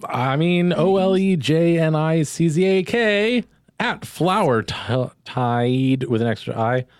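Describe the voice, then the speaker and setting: A man's voice: a little high, animated, takes it slowly, clear, resonant tone, no echo, studio quality. A man hosting a comedy podcast, reading tweets aloud with playful mock grandeur. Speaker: podcast host. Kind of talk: casual comedy podcast chat.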